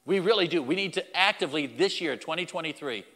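Man, pastor mid-sermon: lively swinging delivery, bright and forceful, addresses the flock head-on. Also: a little high, fast talker, big-room sound. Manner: emphatic, repetitive preaching with direct address.

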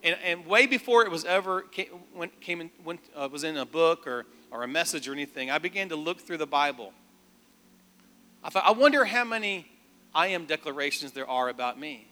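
A man preaching a sermon, telling a personal story and leading declarations in an animated, emphatic way. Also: fairly high pitch, fairly quick. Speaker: pastor. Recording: long hall reverb.

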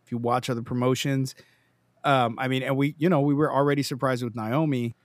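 Excitable, swearing male podcast co-host. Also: mid-range voice, a little fast, dry recording. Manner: excitable, swears freely, teasing. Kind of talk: casual podcast chat.

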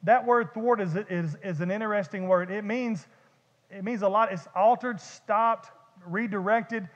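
High-voiced preacher in echoey church. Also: male voice, a little slow. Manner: animated, conversational preaching with vivid humor and repeated words. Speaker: pastor. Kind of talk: sermon. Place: church sanctuary. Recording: dull echoey church hall.

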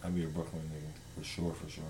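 A man chatting casually on a podcast, relaxed and rambling, with lots of fillers. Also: extremely low pitch, quick pace, slight background noise. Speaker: guest rapper. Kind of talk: casual chat.

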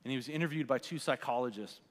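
A man's voice: medium pitch, fast. Guy in his 40s preaching in church, easygoing talky sermon, long hall echo, mid voice. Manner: conversational preaching, quieting for prayer. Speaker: pastor. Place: church sanctuary.

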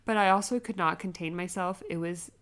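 Young woman, podcast co-host; animated, laughing storyteller in casual chat. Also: lowish voice, brisk. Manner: animated storyteller, acts out quotes, laughs often.

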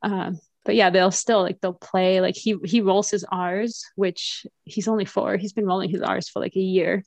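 A woman in her thirties talks as a podcast guest in a loose, chatty way, full of fillers and quick laughs. Her voice has a gravelly, creaky edge. The recording is dry and close, with no room sound. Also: mid-range voice, little pitch movement, darkish tone, no room sound. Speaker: podcast guest, French teacher and mother. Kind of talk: casual conversational interview.

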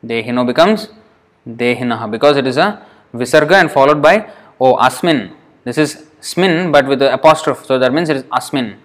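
A man teaching a Sanskrit class, patiently spelling out words and repeating them slowly as he explains sandhi rules. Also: mid-range voice, fairly bright tone.

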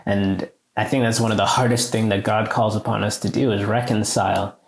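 A male teacher earnestly telling a story in a conversation, growing animated as he recounts a moving moment. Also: a little fast, gravelly, roomy sound. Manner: earnest, animated, rises in pitch when moved. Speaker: high school teacher, guest.

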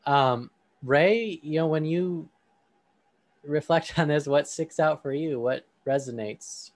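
A man's voice: on the high side, takes it slowly. A man hosting a discussion, reading a scripture passage aloud with emphasis on quoted speech, then talking casually. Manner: reads with emphasis on quoted lines.

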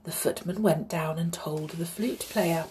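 A woman reading a children's story aloud, expressive and hushed in places. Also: sits low, measured pace, slight background noise. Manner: expressive, hushed and breathy at times.

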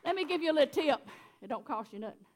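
A woman's voice: high-pitched, expressive, fast talker, darkish tone, a faint crowd, a little hiss or hum. A middle-aged woman, preaching a folksy, chatty sermon and laughing often.

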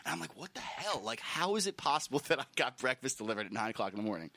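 Animated young man telling a story. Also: mid-range voice, very fast. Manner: animated storytelling, swears, laughs often. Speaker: podcast co-host. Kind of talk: casual chat.

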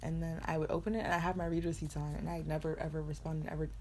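Young woman, lowish voice, casual storytelling, acts out quotes, faint background noise. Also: little pitch movement, fast, darkish tone. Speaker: podcast co-host.

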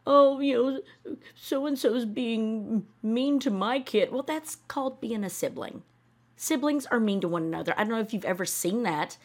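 A woman hosting a podcast, ranting in casual reaction commentary, sarcastic and opinionated, swearing freely and mimicking people in mocking voices. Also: on the low side. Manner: animated, often acts out mocking voices. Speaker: podcast host reacting to a TV show.

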